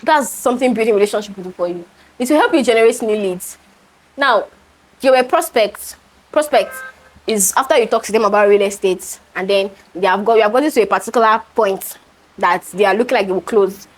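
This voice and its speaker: A woman's voice: medium pitch, fairly quick, poor audio. A woman with a Nigerian accent giving a sales training talk, telling stories animatedly and acting out the dialogue. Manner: animated storytelling, acts out dialogue, laughs often. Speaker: real estate sales trainer.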